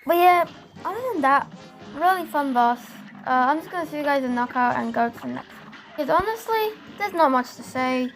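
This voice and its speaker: A woman giving a casual, chatty voice-over commentary on her gameplay, excitable and rambling as she talks through each boss fight. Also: high-pitched, a little fast, loud music behind the voice. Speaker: gaming commentator.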